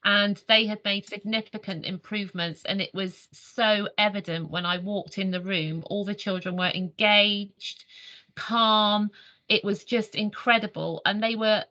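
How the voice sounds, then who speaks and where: A woman's voice: mid-range voice, steady tone, unhurried, sharp tone, muffled recording. An English woman on a video call, telling a story in a training session, often restarting her sentences. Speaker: early years adviser. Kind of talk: sharing an anecdote in online training.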